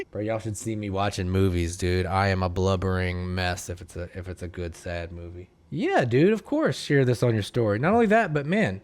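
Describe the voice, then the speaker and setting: A man's voice: low voice, normal speed, darkish tone. A man streaming his digital painting, chatting casually and earnestly with viewers in a loose, emotional way. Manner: earnest, rambling, emotional, slang-heavy. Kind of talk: casual livestream chat.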